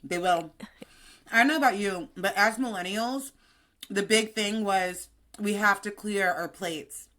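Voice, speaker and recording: Woman in her thirties, fitness coach co-host, sassy and chatty, mid-pitched voice. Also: unhurried, fairly bright tone. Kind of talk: casual podcast chat.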